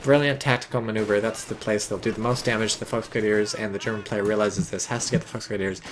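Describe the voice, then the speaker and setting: A man casting a strategy game match in casual commentary, excitable, sarcastic and swearing freely. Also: fairly low pitch, fast, slight background noise. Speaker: game caster.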